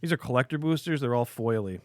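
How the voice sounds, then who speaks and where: Rambling comic-shop host, dry sound. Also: male voice, medium pitch, expressive, fast talker, darkish tone, dry recording. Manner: rambling, joking, many filler sounds. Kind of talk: casual live-stream chat opening cards.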